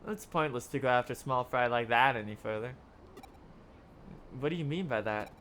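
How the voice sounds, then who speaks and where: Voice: medium pitch, expressive, normal speed, a bit bright, a little hiss or hum. Streamer voicing every game character. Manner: reads every character's lines and breaks off for laughing asides. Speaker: streamer reading a game's dialogue aloud. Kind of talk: live-streamed video game playthrough.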